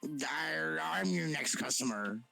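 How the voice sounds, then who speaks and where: A man's voice: fairly high pitch, takes it slowly, gravelly, sharp tone, soft background music, heavily acted. A man voicing a tipsy, impatient male pirate dwarf who growls "arr" between lines in an improvised tabletop game. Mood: grumbling. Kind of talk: improvised tabletop role-play.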